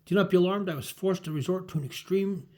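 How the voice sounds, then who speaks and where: A man's voice: high-pitched, quick pace, warm tone, pitched above the performer's own voice, close to an everyday voice. A man reading as a formal sorcerer. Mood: solemn. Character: solemn male sorcerer, formal and commanding.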